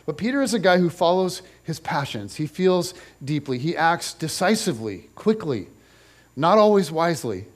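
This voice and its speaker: Male pastor, slightly high voice, animated storytelling sermon with acted-out voices. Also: normal speed.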